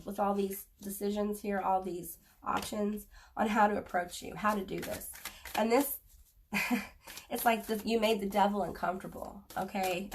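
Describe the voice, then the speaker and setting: A woman giving a spoken tarot reading to viewers, earnest and halting, offering gentle reassurance. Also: mid-range voice, recorded from a distance, a little hiss or hum. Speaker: tarot reader.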